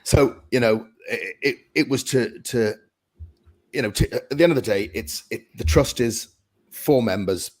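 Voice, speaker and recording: A man's voice: mid-range voice, measured pace, a little mellow. A man speaking as a fan trust representative, earnestly explaining on a podcast with frequent fillers. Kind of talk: podcast guest Q&A.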